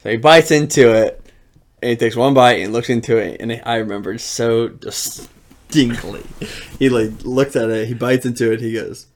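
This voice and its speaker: A young man co-hosting a podcast tells a funny story in casual conversation, laughing his way through it. He's animated, speaking in a mid-range voice at a moderate pace.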